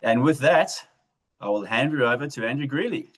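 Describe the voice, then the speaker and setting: A man's voice: medium pitch, expressive, brisk, rough recording. A man hosting a webinar, giving an introduction and reading a guest's bio in a hesitant way. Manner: hesitant, with many fillers. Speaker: webinar host.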